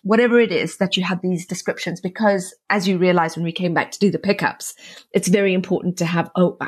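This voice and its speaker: A woman who works as an audiobook narrator and actress, talking in an animated, chatty way with many restarts. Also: fairly low pitch, husky. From South Africa. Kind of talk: conversational interview.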